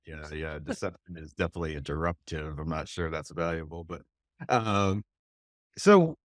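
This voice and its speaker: A man hosting a podcast, asking questions in a relaxed, thoughtful way and letting his sentences trail off softly. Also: rumbling low, moderate pace, no echo, clean studio sound. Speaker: podcast host. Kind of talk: conversational interview.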